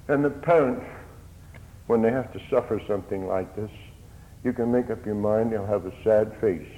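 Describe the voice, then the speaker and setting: A man's voice: lowish voice, warm tone, big-room sound, muffled recording. A man preaching a sermon in an earnest, pleading manner that rises in fervor.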